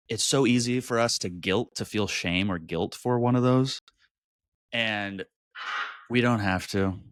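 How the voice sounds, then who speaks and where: A man in a candid interview, telling stories with lively energy and swinging up into high, exaggerated tones when he quotes himself or others. His speaking voice sits low, and the recording is dry with no room sound. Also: no echo. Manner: animated, expressive, jumps into high pitch for quoted voices. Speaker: guest, mental health advocate.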